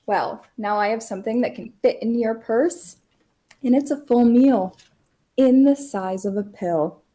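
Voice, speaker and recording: A woman's voice: on the high side, measured pace, dark tone, natural voice. A woman playing an auditioner reading ad copy in a giggly ad-read delivery, over a video call. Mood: perky.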